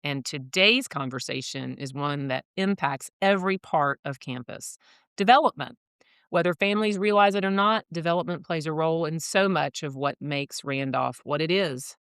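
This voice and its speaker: A woman co-hosting a school podcast, warm and reactive. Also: low voice, moderate pace, clean tone, no echo, clean studio sound. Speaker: podcast co-host, admissions director.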